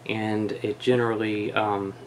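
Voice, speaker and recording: Hobbyist man, gravelly voice, relaxed talk full of ums, faint hiss in the room. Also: lowish voice, a little slow. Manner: relaxed explaining, many ums and restarts. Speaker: hobbyist reviewer. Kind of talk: casual product test vlog. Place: home shed.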